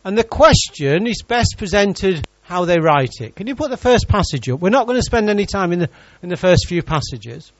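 A man's voice: sits high, very animated, normal speed, few pauses, dry recording, lo-fi sound. A man preaching a sermon in church, reading scripture and joking with the congregation.

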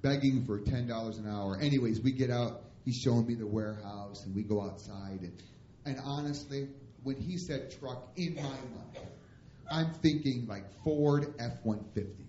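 A man preaching a comic, animated storytelling sermon as a missionary in a church, acting out the dialogue. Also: medium pitch, normal speed, a little hiss or hum. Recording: roomy church hall, dull lo-fi sound.

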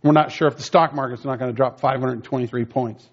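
On a dull-sounding recording, a preacher talks quickly in a medium-pitched voice with fairly even intonation. His sermon is conversational and folksy, full of stories, with his main points rising in emphasis.

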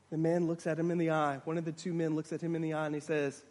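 A man's voice: fairly high pitch, level tone, fast, few pauses, a little mellow. A man preaching a sermon, retelling a story dramatically and acting out the voices of its people.

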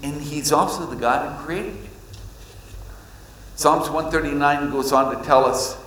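A man preaching a sermon, reading scripture and telling stories, with his pitch jumping up on points he wants to stress. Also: a little slow, long pauses, a little hiss or hum. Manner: animated storytelling, pitch leaps on emphasis. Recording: echoey hall with long reverb.

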